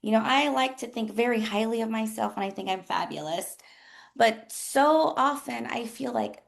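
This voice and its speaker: A woman's voice: fairly high pitch, brisk, creaky. A woman who works as a nurse coach, hosting a casual motivational talk in a candid, rambling way with lots of fillers. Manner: rambling and chatty, full of fillers like "like" and "um"; candid and self-deprecating.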